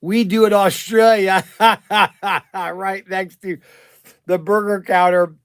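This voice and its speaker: Casual livestream host, man, higher voice, rambly and excitable, dry close sound. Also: slow pace, smooth, no echo. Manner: rambling, animated, many restarts and fillers. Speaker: livestream host and shop owner.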